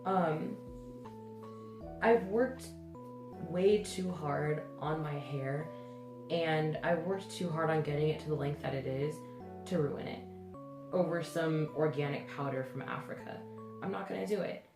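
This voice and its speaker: Low-voiced woman, nasal with the flu. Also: measured pace, pauses often. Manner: chatty, hesitant, many ums. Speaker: hair care vlogger. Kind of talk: casual talking-to-camera vlog. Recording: roomy sound with music behind.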